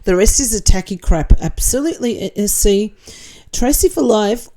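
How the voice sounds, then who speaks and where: A middle-aged Australian woman in a casual commentary chat, reading viewer comments aloud. Her voice is mellow and warm, at a middle pitch. She throws in blunt, sarcastic asides and laughs between lines. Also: lively intonation, moderate pace.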